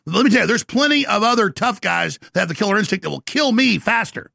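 A middle-aged man with a gravelly voice hosting a talk show, delivering an intense, boastful monologue. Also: high voice, lively intonation, fast talker, bright, forceful tone, dry recording, studio quality. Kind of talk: ranting monologue.

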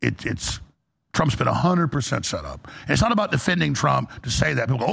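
Gravelly, husky male talk radio host. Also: mid-range voice, big pitch swings, a little fast, a bit bright. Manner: rambling, emphatic, mocking quoted voices.

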